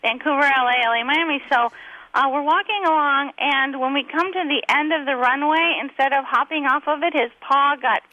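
A middle-aged woman with a high, bright, ringing voice chats as a guest. She rambles through her stories with frequent giggles and restarts. Her talk is casual and unscripted. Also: normal speed, no echo, highs cut off. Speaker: guest comedian. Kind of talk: casual chat, anecdotes.

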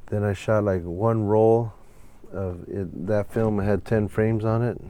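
A man's voice: on the low side, slow pace. A man, a photographer guest telling a long story in a casual, profane interview. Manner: profane, animated anecdote with quoted voices.

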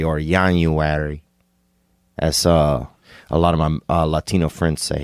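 A man, hosting a podcast and rambling through an absurd comic monologue, laid-back with sudden excited bursts. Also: rumbling low, measured pace, clear, resonant tone, dry recording, clean studio sound. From Louisiana. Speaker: podcast host.

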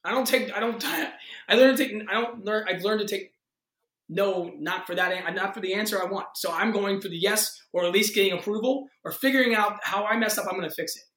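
A man in his thirties, an actor, telling a story in a casual interview with excited energy, acting out quotes and swearing freely. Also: high-pitched, a little fast, roomy sound. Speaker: actor guest.

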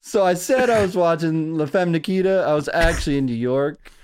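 A man's voice: on the high side, brisk, a little mellow, slight background noise. A young man co-hosting a casual podcast chat, crude and joking, going through his notes. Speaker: podcast co-host.

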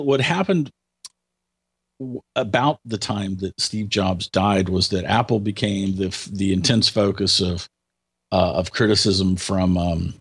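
Husky guy talking tech, stops n restarts a lot. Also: on the low side. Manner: hesitant, many restarts, then emphatic. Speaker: tech commentator. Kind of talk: casual conversation.

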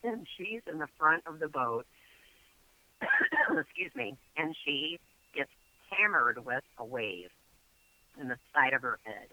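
A man's voice: a little high, sing-song, slow pace, long pauses, pushed and bright, low-quality recording. A man telling a story casually as a guest, chatty and full of fillers.

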